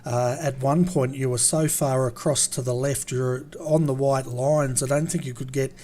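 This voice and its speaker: A man co-hosting a sim racing broadcast, relaxed and friendly. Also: mid-range voice, normal speed. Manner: relaxed, friendly, says fantastic and mate. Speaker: broadcast co-host.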